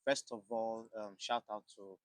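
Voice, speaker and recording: A man in a casual group chat, relaxed and brief, sharing his teaching experience. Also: fairly low pitch, unhurried, dry recording. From Nigeria.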